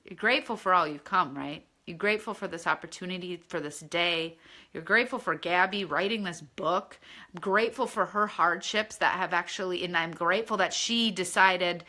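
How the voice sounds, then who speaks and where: A woman's voice: fairly low pitch, normal speed, pushed and bright. A woman leading a spiritual course, talking earnestly and conversationally and often checking in with her listeners. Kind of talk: casual spiritual teaching.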